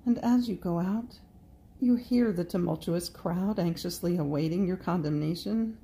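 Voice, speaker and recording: A woman reading a devotional meditation in a slow, prayerful way, speaking directly to Jesus. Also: fairly low pitch, vocal fry, warm tone, slight background noise. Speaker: devotional reader.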